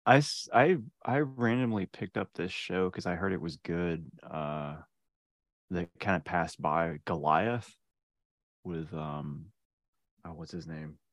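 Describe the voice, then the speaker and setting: Low-voiced man in rambling casual chat. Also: slow, no echo, clean studio sound. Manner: rambling, laughs often, trails off mid-sentence. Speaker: podcast co-host.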